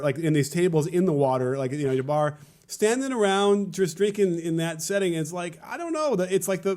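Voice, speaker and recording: A man's voice: on the high side, a little mellow. A man co-hosting a casual political podcast, musing wryly and repeating words as he thinks. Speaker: podcast co-host.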